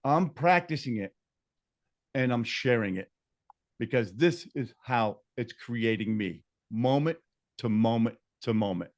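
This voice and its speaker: An earnest man leads an online reading group over a video call. His voice sits at an ordinary middle pitch, and he is warmly encouraging, slowing down to repeat key questions so everyone can follow. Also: expressive. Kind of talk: hosting an online book-club session.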